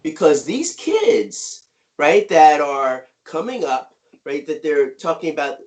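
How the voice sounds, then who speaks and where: A man's voice: a little high, very animated, takes it slowly, darkish tone. A middle-aged man, an author and guest, talking energetically and emphatically over a video call, often tagging on "right?". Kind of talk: conversational interview.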